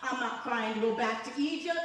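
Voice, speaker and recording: A woman's voice: fairly high pitch, fairly quick, fairly bright tone. A woman evangelist preaching a sermon in a church, fervent and conversational, drawing the congregation in with call-and-response. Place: church sanctuary. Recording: echoey church hall from far off.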